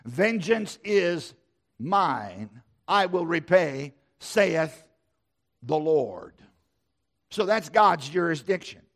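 Gravelly-voiced man preaching a sermon. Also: a little high, sing-song, drawn-out words, long pauses. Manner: emphatic, repeats words, preacher's cadence. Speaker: pastor.

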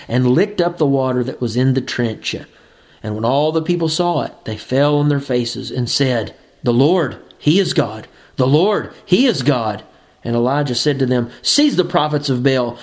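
A man preaching a sermon and reading scripture aloud, emphatic and rising on key phrases. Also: mid-range voice.

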